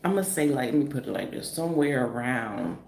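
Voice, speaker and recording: A woman in her forties from the northeastern US tells a story vlog-style, casual and animated, swearing and packing in fillers. Her voice sits low in the bass range and moves fairly quickly, recorded in an echoey room with faint background noise.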